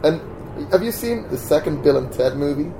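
A man's voice: on the high side, moderate pace, slight background noise. A man being interviewed as a magician guest at home, telling stories casually and acting out the voices in them. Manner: animated, acts out voices in his stories.

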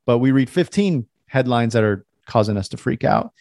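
A man's voice: mid-range voice, expressive, normal speed, vocal fry, a little mellow, dry recording. An enthusiastic man hosts a casual podcast interview and laughs easily. His voice sits mid-range, and the recording is dry and close. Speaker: podcast host. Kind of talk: conversational interview.

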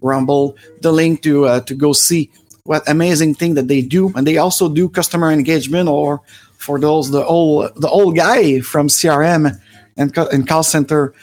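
A man's voice: on the high side, steady tone, moderate pace, darkish tone. A French-Canadian man in his forties with a Quebec French accent, hosting a rambling live stream with many fillers and restarts. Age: 40s. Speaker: livestream host.

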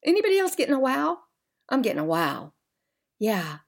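A woman hosting a faith podcast, talking in an emphatic, heartfelt monologue that sometimes drops to soft murmurs. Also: sits high, wildly swooping pitch, normal speed, gravelly, pauses often. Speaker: podcast host.

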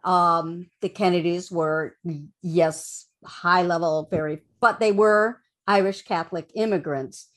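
A woman's voice: lowish voice, fairly even intonation, unhurried, few pauses. A woman on a discussion panel, working through her thought with fillers. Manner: searching, filler-laden. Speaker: podcast panelist. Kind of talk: casual discussion.

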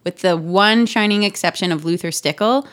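A woman co-hosting a podcast in casual chat, talking in quick asides and laughing often. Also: mid-range voice, a bit bright. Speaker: podcast co-host.

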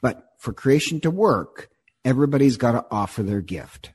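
A man in casual conversation, retelling a myth in an animated, digressive way and often repeating words as he goes. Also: mid-range voice, normal speed, slightly rough.

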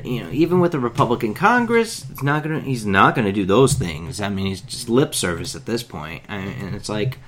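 A man's voice: lowish voice, lively intonation, brisk, hardly any pauses, fairly bright tone. A young man co-hosting a podcast, chatting casually with profane, sarcastic rants. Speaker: podcast co-host. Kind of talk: casual chat.

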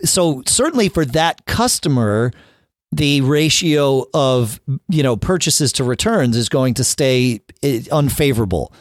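A man co-hosting a casual business podcast, agreeing with his partner and reasoning ideas through out loud. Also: medium pitch, lively intonation, measured pace, no echo, clean studio sound. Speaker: podcast co-host.

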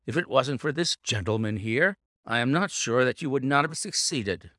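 A man's voice: mid-range voice, expressive, normal speed, pushed and bright, no echo, clean studio sound. A man voicing a blustering middle-aged police inspector in a read-aloud detective story, speaking indignantly. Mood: scolding. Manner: indignant, scolding.

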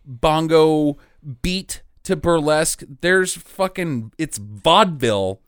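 A man's voice: a little high, takes it slowly, clean tone, dry recording, studio quality. A man hosting a casual movie review podcast, sarcastic and swearing as he recaps a film. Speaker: podcast host.

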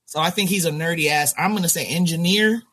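A man co-hosting a podcast, recapping reality TV in loud, animated, joking casual chat. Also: fairly high pitch, fast talker, husky. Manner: loud, animated, joking, breaks into improvised silly songs. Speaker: podcast co-host.

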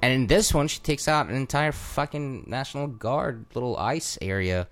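Excitable, profane man chatting. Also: medium pitch, moderate pace. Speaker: podcast co-host. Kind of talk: casual chat.

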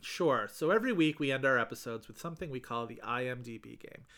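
Guy cohosting a movie podcast, bright voice, gets really animated. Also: medium pitch, quick pace. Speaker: podcast co-host. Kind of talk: casual film podcast chat.

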